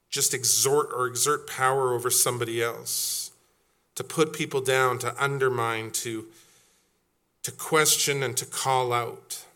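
A man's voice: medium pitch, bright, forceful tone. A middle-aged man preaching a sermon as pastor, quizzing his congregation and acting out quoted voices. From Canada.

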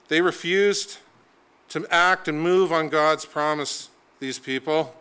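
A male preacher delivering a sermon in a fairly high voice that is forceful and crisply clear. He tells the story dramatically, pressing hard on key words and shifting his pace for effect. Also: slow.

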